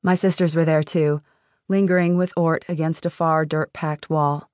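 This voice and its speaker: Woman reading an audiobook, lowish voice, bone-dry close mic. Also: flat delivery, moderate pace, darkish tone, dry recording. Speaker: audiobook narrator. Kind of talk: first-person scripted narration.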